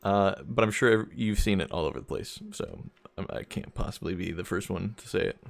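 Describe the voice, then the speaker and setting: A man's voice: low-pitched, a little fast, vocal fry. A young man streaming a game, chatting casually and rambling, often chuckling at his own jokes. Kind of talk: casual gameplay commentary.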